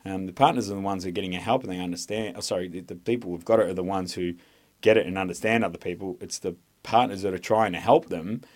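A man's voice: deep voice, fast talker, darkish tone. A man with an Australian accent, a former soldier talking as a podcast guest, telling stories bluntly and swearing freely. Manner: blunt, profane storytelling. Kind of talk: casual conversation.

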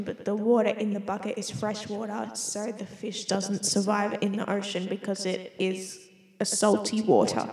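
With a medium-pitched, darkish voice, a woman who is a student chatters to herself in a playful, meandering way that keeps interrupting itself. The recording has an echoey, long-reverb room sound.

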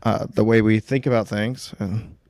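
A man's voice: lowish voice, flat delivery, normal speed, darkish tone, no echo. Man, podcast host, tipsy, rambling, repeats himself, dry. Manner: rambling, repeats himself, says he is a little drunk. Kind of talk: casual podcast chat. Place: home, remote call.

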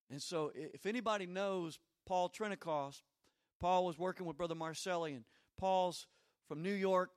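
A male pastor preaching a sermon, telling stories and building to shouted climaxes. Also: high-pitched.

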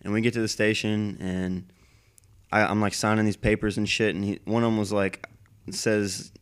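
A man with a fairly low, clean and resonant voice tells a long personal story into his microphone. He rambles, swears constantly and talks with heated frustration. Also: level tone, moderate pace, smooth. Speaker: military veteran telling a personal story. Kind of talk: casual storytelling monologue. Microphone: plug-in microphone.

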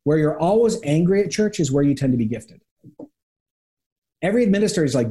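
A pastor talking as an interview guest, telling stories and acting out quick little voices of other people. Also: male voice, on the high side. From Canada. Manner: animated storyteller, acts out quick voices of people. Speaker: pastor and author, podcast guest. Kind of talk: conversational interview.

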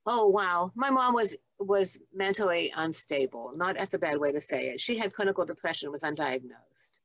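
A woman's voice: lowish voice, normal speed, no echo, muffled recording. A woman in her seventies, a guest on an interview show, telling reflective and heartfelt stories from her nursing life. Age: 70s. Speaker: guest, nurse and author. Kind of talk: storytelling interview.

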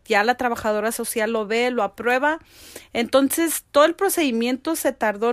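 A woman's voice: a little high, no room sound. Married woman telling her story, dry sound. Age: adult, married. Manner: animated retelling with acted-out quoted dialogue. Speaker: interview guest. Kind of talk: personal storytelling.

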